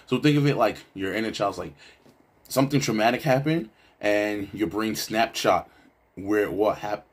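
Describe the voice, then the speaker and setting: A man's voice: on the low side, moderate pace, slightly rough. A man giving casual, reflective commentary on a film, loose and full of asides. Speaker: video essayist.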